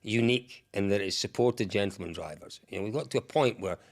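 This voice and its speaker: A man who is a guest on a podcast, telling vivid, excitable stories in casual chat and swearing freely. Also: fairly low pitch, a little fast. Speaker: podcast guest, rally commentator. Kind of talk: animated storytelling in casual chat.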